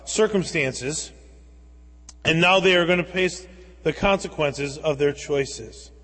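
A man pastor preaching a sermon. He reads scripture aloud with rising emphasis, then explains it in a conversational way. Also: high-pitched. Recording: long reverb of a church hall.

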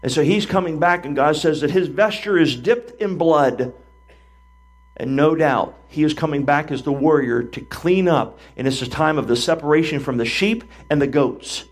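An older man preaching a sermon, telling the story in an animated way and acting out the voices of the people in it. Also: on the high side, moderate pace, husky. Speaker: pastor.

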